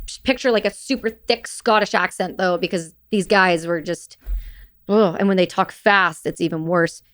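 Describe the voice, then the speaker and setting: A woman, a military veteran and podcast guest, recounting war memories in a halting way, with restarts and blunt swearing. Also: fairly low pitch, a bit bright.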